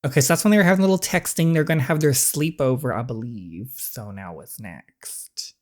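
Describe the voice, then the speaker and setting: A chatty gaming YouTuber who talks back at the story as the game goes on, reacting aloud all the time. The voice sits at a plain middle pitch. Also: fairly quick. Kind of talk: let's-play commentary.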